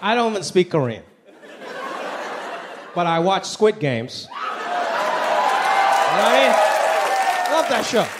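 A man's voice: high voice, very animated, measured pace, long pauses. Male stand-up, conversational punchlines, a noisy live theater recording. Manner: conversational, punchy, slips into exaggerated impressions. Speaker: stand-up comedian. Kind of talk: stand-up comedy set. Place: large theater with live audience. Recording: live stage recording with loud crowd. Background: audience laughter and applause.

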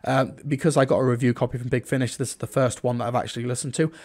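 A man's voice: medium pitch, steady tone, rapid-fire, darkish tone. Casual man reviewing with filler words. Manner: chatty, many fillers like "like" and "um".

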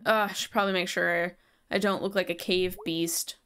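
A woman's voice: on the low side, steady tone, moderate pace, a bit bright. A woman reading the lines of a sardonic, self-deprecating young woman in a video game, dry and sarcastic.

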